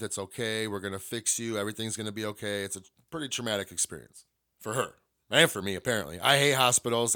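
A man's voice: lowish voice, a bit bright. A middle-aged man hosting a solo podcast, telling a personal story in a blunt, candid way with lots of swearing. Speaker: podcast host.

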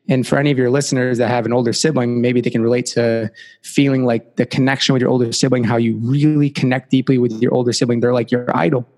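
A man's voice: medium pitch, long reverb tail. A young adult man, a podcast guest, telling a personal life story earnestly and often saying "like" and "you know".

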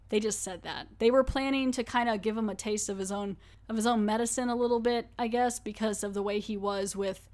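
A woman podcast host giving a rambling, chatty recap of a TV episode and laughing often. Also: medium pitch.

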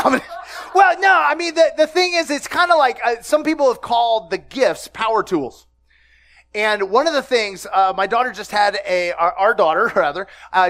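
A man preaching a sermon to a congregation, lively and humorous, breaking into laughter and shouted exclamations while asking questions of his listeners. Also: very high voice. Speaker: pastor.

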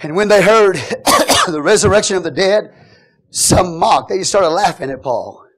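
A man preaching a Pentecostal sermon, moving between fervent shouted praise and quieter teaching. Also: high-pitched, animated, measured pace.

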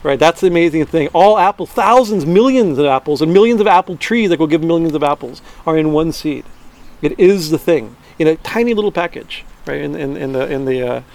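A man's voice: a little high, lively intonation, fairly quick, gravelly, a little mellow. A man delivers an informal spiritual teaching in a slightly raised voice. He talks loosely and conversationally, often restarting sentences and tagging them with "right?". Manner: conversational, many restarts, frequent "right?" tags.

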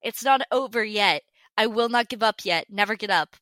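A woman's voice: medium pitch, normal speed, bright, forceful tone. A woman co-hosting a casual podcast, reading online comments aloud between giggles. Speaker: podcast co-host. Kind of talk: casual chat.

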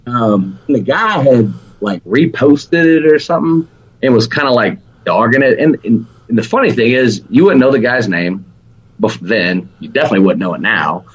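A barbecue pitmaster with an Alabama accent chats easily as a guest on a casual podcast interview, animated yet laid-back and sprinkling in "man" and "dude." His voice is medium-pitched with a breathy edge and moderate pace, and the recording's highs are cut off.

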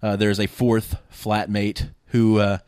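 Brief: male podcast co-host, lowish voice, rambling and hesitant, dry studio sound. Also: little pitch movement, takes it slowly, darkish tone, clear, resonant tone, no echo. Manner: rambling, hesitant with many fillers. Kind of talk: casual chat reviewing TV and film.

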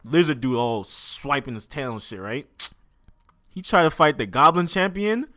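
A man's voice: mid-range voice, expressive, moderate pace, sharp tone. A man co-hosting a casual anime talk, recapping an episode in slangy speech and acting out the lines. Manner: slangy recap with acted-out quotes and laughs. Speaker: podcast co-host.

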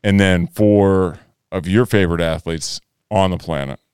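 A man's voice: low-pitched, a little slow, darkish tone, clear, resonant tone, no room sound, studio quality. A man co-hosting a podcast in casual chat, loose and profane, joking around. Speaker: podcast co-host.

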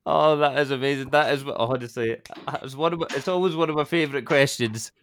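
A man's voice: medium pitch, quick pace, a bit bright, no echo, clean studio sound. A man hosting a podcast, chatty and cheeky, teasing his guest with crude slang and banter. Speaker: podcast host. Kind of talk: casual interview chat.

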